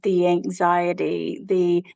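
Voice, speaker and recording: A woman being interviewed as a caregiver, speaking earnestly and haltingly, with many "you know" fillers. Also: fairly low pitch, level tone, vocal fry, darkish tone, dry recording, muffled recording. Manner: earnest, faith-driven. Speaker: guest, caregiver. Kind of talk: conversational interview.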